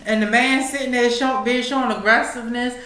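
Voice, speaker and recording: Bright-voiced chatty woman from D.C. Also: on the high side, fairly even intonation, a little fast, echoey room. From Washington, D.C. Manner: profane, chatty, laughing. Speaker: podcast host. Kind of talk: casual commentary.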